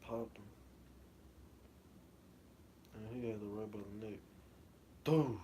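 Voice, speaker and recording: A man's voice: lowish voice, completely flat delivery, fast talker, dark tone, slight background noise. A man co-hosting a manga review podcast, chatting casually in slangy, jokey talk and reading panels aloud.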